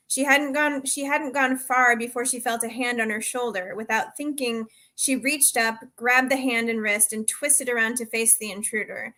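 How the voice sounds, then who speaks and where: A woman author, a guest on the show, reads aloud from her own novel at a steady pace and corrects herself lightly now and then. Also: fairly high pitch.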